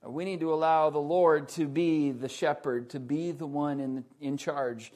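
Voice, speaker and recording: A man preaching a sermon, slow and deliberate, stressing key words loudly and dropping to hushed low lines. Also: steady tone.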